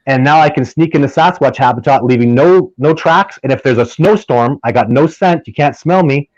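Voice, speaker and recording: A man guesting on a casual interview, telling stories in an animated, emphatic way and often restarting his sentences. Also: medium pitch, moderate pace, no room sound. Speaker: podcast guest, field researcher. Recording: dull lo-fi dry sound.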